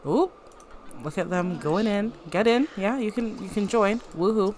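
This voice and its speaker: A young woman casually commentating a life-sim game, chatty and giggly, voicing the characters' lines in quick playful asides. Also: medium pitch, a little mellow, slight background noise. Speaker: gameplay commentator. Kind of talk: casual let's-play commentary.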